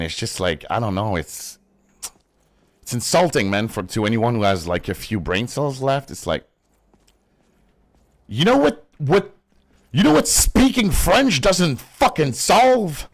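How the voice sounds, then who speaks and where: Young male streamer, heated and foul-mouthed, very animated delivery, close dry sound. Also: lowish voice, unhurried, pauses often, no echo. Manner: passionate, profane, animated. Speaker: gaming streamer. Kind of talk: casual ranting commentary.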